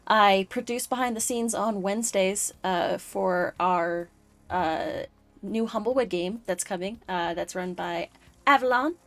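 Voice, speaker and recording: A woman's voice: mid-range voice, a little slow, fairly bright tone. A woman hosting a live-streamed chat show, rambling through her list with lots of "uh"s. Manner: rambling, full of fillers. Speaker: host.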